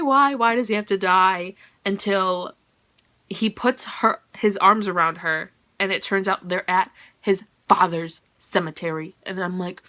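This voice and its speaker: A woman with a bright, forward voice on the low side talks through a book review in a casual, gushing way, scattering "like" and "you know" throughout.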